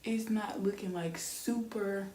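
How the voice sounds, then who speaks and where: A woman's voice: medium pitch, fairly even intonation, takes it slowly, dark tone. A young woman, chatting casually and rambling with lots of fillers as she does her hair on camera for her vlog. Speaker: beauty vlogger. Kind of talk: casual chat while styling hair. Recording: echoey room, faint background hiss.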